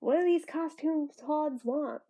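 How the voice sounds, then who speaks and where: A woman voicing a sketchy, smooth-talking male villain from a comic, in a slick, wheedling tone. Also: sits high, unhurried, dark tone, a little hiss or hum, pitched above the performer's own voice.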